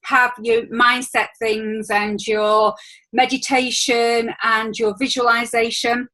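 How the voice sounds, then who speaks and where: Gushing high-voiced woman. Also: flat delivery, takes it slowly, sharp tone, low-quality recording. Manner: chatty and gushing, rambling with fillers. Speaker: host of a team training call. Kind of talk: casual chat on a video call. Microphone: video call.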